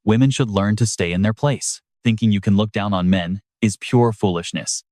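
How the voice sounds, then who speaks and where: Man, scripted recap narration, steady delivery, low voice, dry close sound. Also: moderate pace, no echo.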